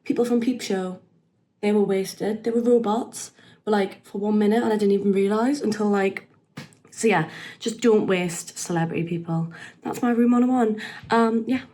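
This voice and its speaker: A young woman holds forth in a casual podcast, blunt and animated. She tosses off opinions with easy swearing and a conversational, offhand rhythm. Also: medium pitch, moderate pace, slight background noise. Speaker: podcast regular.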